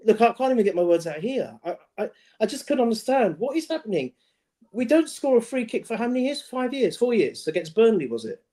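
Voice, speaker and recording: A man co-hosting a casual football podcast, talking in an excitable, emphatic way. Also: very high voice, brisk. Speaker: podcast co-host.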